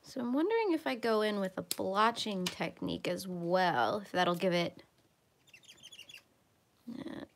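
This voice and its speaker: A woman hosting a casual livestream from home while she colors. She chats along and sometimes drops into soft murmurs as she works. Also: mid-range voice, very animated, measured pace, long pauses, slight background noise. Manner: chatty, drifts into soft murmurs while working. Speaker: livestream host.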